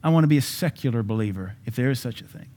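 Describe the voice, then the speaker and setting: A man preaching a sermon in a voice of middle pitch. He drops to quiet, quick asides, then builds to loud, high peaks. Scripture comes out slow and stressed. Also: animated. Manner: reads scripture slowly with emphasis. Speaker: pastor.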